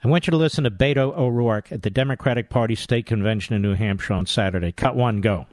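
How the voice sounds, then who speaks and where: A man's voice: medium pitch, a little mellow, dry recording, studio quality. A man hosting a talk radio show, scornful, indignant and combative in his commentary. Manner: indignant, scornful, rapid-fire.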